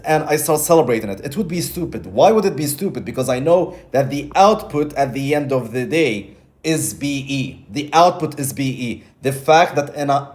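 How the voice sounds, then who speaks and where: A man's voice: medium pitch, darkish tone. A man teaching trading in a casual monologue, blunt and repetitive, swearing now and then. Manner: acts out his own inner voice in quotes. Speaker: trading mentor.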